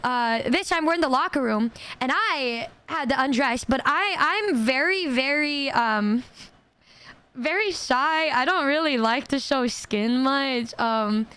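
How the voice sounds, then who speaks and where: A woman streamer telling a story in casual chat, stammering and repeating words, quoting others in animated voices. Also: high voice, slow pace, dry recording.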